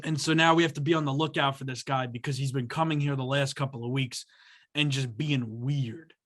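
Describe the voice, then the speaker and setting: A man's voice: medium pitch, steady tone, brisk, fairly bright tone. A young man co-hosting a podcast, telling a story in casual chat and acting out the voices of the people in it. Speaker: podcast co-host.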